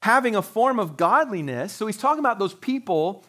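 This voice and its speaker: A man's voice: sits high, very animated, brisk, fairly bright tone. A man preaching a sermon to his congregation as pastor, talking in a conversational way with joking asides. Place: church sanctuary, live-streamed service.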